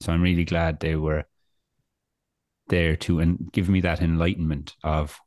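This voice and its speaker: A young Irish man with a very deep voice co-hosts a casual podcast. He rants sarcastically. The sound is dry and close. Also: flat delivery, unhurried, darkish tone, no echo. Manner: ranting, sarcastic. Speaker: podcast co-host. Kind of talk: casual chat.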